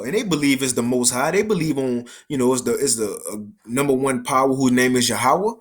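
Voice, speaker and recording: A man preaching a casual sermon. He reads scripture slowly and keeps checking in with his listeners. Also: medium pitch. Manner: conversational, says "man" and "you see" often, reads verses slowly.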